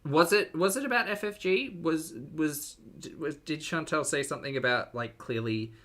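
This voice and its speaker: Australian man, bright voice, casual reaction commentary, sleepy, rambling. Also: on the high side, normal speed. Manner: sleepy, rambling, with many restarts.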